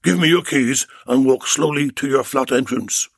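A man putting on a husky, muffled kidnapper. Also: mid-range voice, normal speed, no room sound, studio quality. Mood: menacing. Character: menacing muffled male kidnapper.

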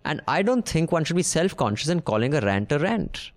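A man co-hosts a podcast in loose conversation. His voice sits a little high for a man, and he makes his points with firm opinions. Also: sing-song, fairly quick. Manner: opinionated, talks over his co-host. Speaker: podcast co-host. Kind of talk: casual chat.

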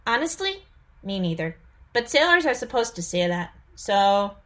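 A woman doing a deadpan woman sailor. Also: mid-range voice, normal speed, natural voice. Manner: deadpan, flat, forced attempt at gusto.

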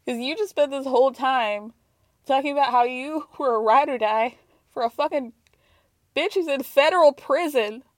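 A woman hosting a podcast, recapping reality TV in an animated, gossipy way, swearing freely and laughing often. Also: fairly high pitch, dry recording, studio quality. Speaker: podcast host.

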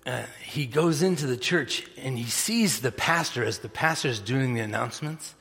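A man's voice: medium pitch, lively intonation, moderate pace, fairly bright tone, long reverb tail. A man preaching a sermon, telling a story unhurriedly with chuckles and many fillers. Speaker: pastor. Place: church sanctuary.

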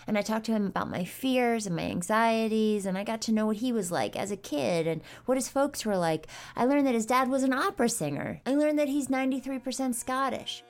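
A woman hosting her own podcast, telling her story in a candid, animated way, with frequent swearing. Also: fairly high pitch, a little fast, hardly any pauses. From New York State, US. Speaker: podcast host. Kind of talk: casual narration and chat.

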